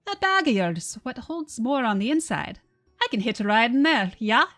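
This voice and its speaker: A woman voicing a small, booming male creature in a put-on Irish-Scottish brogue, bossy and jovial. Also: big pitch swings, moderate pace, fairly bright tone, faint music behind.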